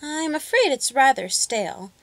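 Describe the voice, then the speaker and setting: A woman's voice: high-pitched, big pitch swings, normal speed, no echo, voice pushed up. A timid young peasant girl speaks in a raised, eager and polite voice, put on by a woman reading a storybook aloud. Her voice sits well above the reader's own. The recording is dry and close.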